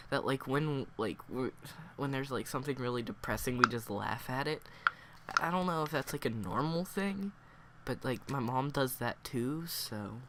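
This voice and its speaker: A man's voice: mid-range voice, normal speed, fairly bright tone, slight background noise. A man giving a casual story review, rambling with fillers, his voice wavering as he holds back laughter. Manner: keeps breaking into laughter, voice wavering. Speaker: book reviewer.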